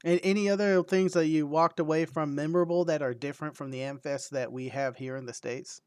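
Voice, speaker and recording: A male host running a casual interview, chatty, with short "mm-hmm" replies. His voice sits a little high. The sound is dry and close, with no room echo. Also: steady tone, a little fast, smooth. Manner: chatty, frequent mm-hmms.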